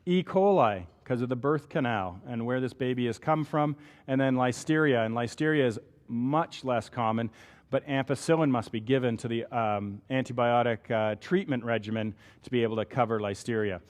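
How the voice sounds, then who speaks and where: A man's voice: mid-range voice, normal speed. Man, canadian accent, physician lecturer, casual medical teaching, echoing hall. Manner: conversational, asks "right?" often. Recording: long hall reverb.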